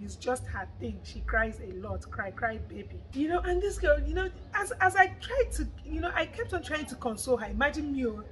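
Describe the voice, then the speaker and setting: A woman's voice: fairly high pitch, a little hiss or hum, rough recording. A young woman, telling a personal story to her vlog audience and acting out the conversation with her friend. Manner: animated, quotes friend's words in lively retelling. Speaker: vlogger. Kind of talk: casual storytelling to camera.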